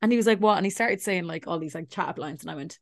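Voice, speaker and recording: A woman's voice: on the low side, very fast, a crowd in the background. An Irish woman in her thirties co-hosting a podcast, chatting and telling stories, swearing freely and acting out what people said. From Ireland. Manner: chatty storyteller, swears freely, acts out quotes. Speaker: podcast co-host. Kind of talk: casual chat.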